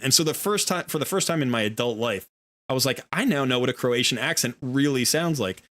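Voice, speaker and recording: A middle-aged American man chatting casually on a live game stream. His voice is bright and forward, sitting at an ordinary pitch. He rambles, restarts sentences and leans on fillers as he goes. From United States. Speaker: streamer and host. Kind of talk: casual chat while gaming.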